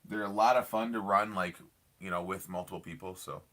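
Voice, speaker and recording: Excited low-voiced young man live streaming. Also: a little fast. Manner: enthusiastic, rambling, lots of fillers and repeats. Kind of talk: casual live stream chat reading comments. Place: inside a parked car at night.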